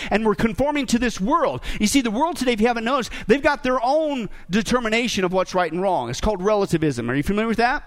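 Male pastor, sermon, high voice, very animated pitch, jokey, rhetorical questions. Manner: lively, joking preacher with rhetorical questions.

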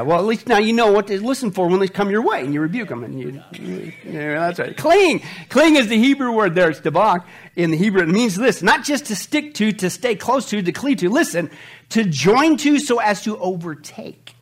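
A man preaching with a high, lively voice that swoops up and down. He is a middle-aged pastor, animated, full of rhetorical questions and quick jokes. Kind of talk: sermon.

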